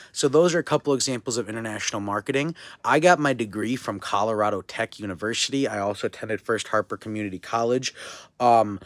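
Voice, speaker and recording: A man's voice: mid-range voice, no echo. A man from India giving a casual video lesson as an instructor. He rambles, corrects himself, and keeps checking in with "okay?" and "you know?".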